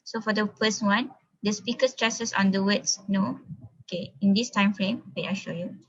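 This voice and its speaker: Husky young woman on a dull laptop mic. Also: mid-range voice, fairly even intonation, moderate pace. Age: young adult. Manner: explains step by step, with many fillers. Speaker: student presenter. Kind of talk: class presentation over a video call.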